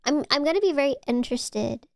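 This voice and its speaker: Bright-voiced woman streamer, rambling chat. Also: high-pitched, animated, fairly quick, vocal fry, no room sound, studio quality. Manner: rambling, playful, swears freely. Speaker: VTuber streamer. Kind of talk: casual livestream chat.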